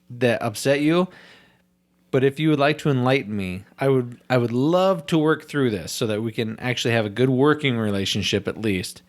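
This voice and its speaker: A man's voice: medium pitch, normal speed. Swearing man telling a work story. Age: has a young daughter. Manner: swearing storyteller, animated quoting of others. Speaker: podcast host. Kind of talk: casual podcast chat.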